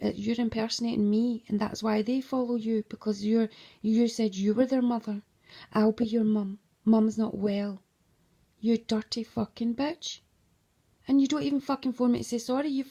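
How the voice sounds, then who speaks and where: A woman with a husky, gravelly voice, mellow and somewhat high-pitched, pouring out a rambling personal monologue. She curses constantly, sounds agitated and emotional, and keeps sinking into hushed, whispery stretches. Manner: heavy swearing, agitated, emotional. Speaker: mother.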